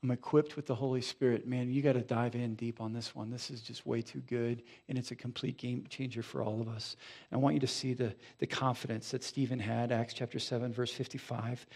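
In a church sanctuary, a male pastor preaches a sermon in a brisk, creaky, mid-range voice. He's animated and conversational, often turning to the congregation with asides.

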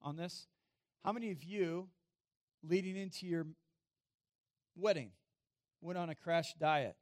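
A man preaching a sermon in a church, chatting with the congregation and asking them questions, getting louder for emphasis and going quiet and low to read scripture. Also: unhurried, dry recording, studio quality. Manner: conversational, self-deprecating, asks the congregation questions. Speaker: pastor. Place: church sanctuary.

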